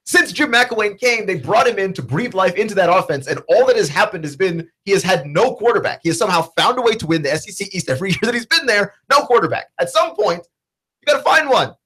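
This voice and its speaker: Male sports radio host, husky voice, swinging pitch, casual and argumentative. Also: fast talker. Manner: animated, argumentative, casual slang. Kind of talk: sports talk radio banter.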